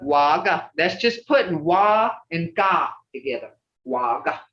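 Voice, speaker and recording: Older woman teaching slowly over a video call. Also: fairly low pitch, animated, distant mic. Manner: patient, repeats words slowly for learners. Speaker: language teacher. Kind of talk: online language class. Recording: roomy lo-fi video call audio from off-mic.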